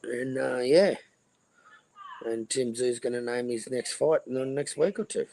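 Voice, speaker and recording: A man's voice: mid-range voice, steady tone, normal speed, gravelly, a little mellow, no echo, poor audio. A middle-aged man hosting a casual livestream, rambling crudely and repeating his phrases. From Australia. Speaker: livestream host.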